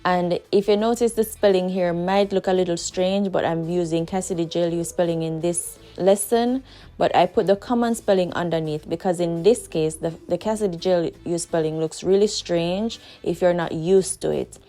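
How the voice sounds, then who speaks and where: A woman with a Jamaican accent teaching a language lesson, patiently repeating each example sentence slowly. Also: fairly low pitch, mellow, soft background music.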